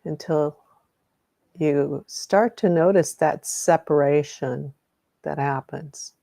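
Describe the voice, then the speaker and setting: A middle-aged woman leads a guided meditation on a live stream, her voice low and gravelly. She rambles and restarts her sentences, greeting viewers by name along the way. The sound is dry and close, with no room around it. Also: slow pace, dark tone, dry recording. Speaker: energy healing meditation host.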